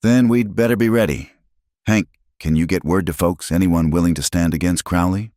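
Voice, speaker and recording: A man's voice: deep voice, moderate pace, warm tone, dry recording, clean studio sound, natural voice. Man playing a brooding battered cowboy. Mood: determined. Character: battered, brooding male cowboy, steady and determined.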